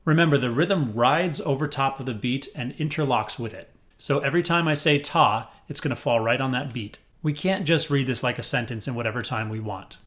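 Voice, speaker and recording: Here an encouraging, somewhat corny male teacher guides students through rhythm counting, speaking aloud through headphones. He talks a little fast, with a medium pitch and a fairly bright tone. The whole delivery is upbeat.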